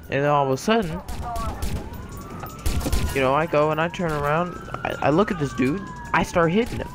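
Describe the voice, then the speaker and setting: A man's voice: on the high side, lively intonation, a little fast, pauses often. A man telling a dramatic story in a casual, slangy way, with comic asides. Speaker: gaming YouTuber.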